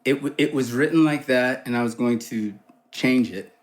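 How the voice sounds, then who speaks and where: A middle-aged man chatting as a podcast guest, recounting his work with lively, acted-out quotes. His voice sits mid-range and swings upward when he plays other people in his anecdotes. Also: medium pitch, moderate pace. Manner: animated storyteller, acts out quoted people. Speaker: guest actor. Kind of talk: casual chat.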